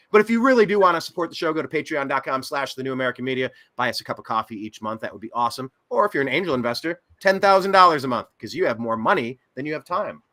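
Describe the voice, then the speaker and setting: A man hosting a casual podcast chat, joking and animated. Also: on the high side. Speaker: host.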